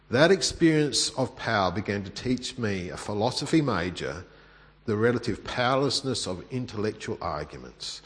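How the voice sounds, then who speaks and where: Man, preacher; storytelling sermon, animated delivery, big hall reverb. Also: on the low side. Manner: animated storytelling, swinging from emphatic to hushed. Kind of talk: sermon with personal story and prayer.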